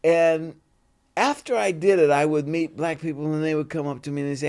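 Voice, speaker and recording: A man's voice: on the high side, fairly quick. An older man, a guest actor in an interview, telling stories and acting out bits of dialogue. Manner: animated, acts out dialogue in voices. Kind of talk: casual interview storytelling.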